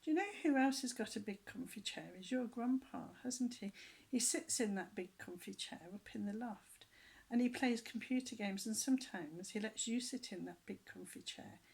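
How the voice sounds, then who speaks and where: A woman's voice: on the high side, expressive, normal speed, creaky, darkish tone, slightly rough, low-quality recording. A woman reading a children's book aloud to a child, with playful asides and stretches of whispering.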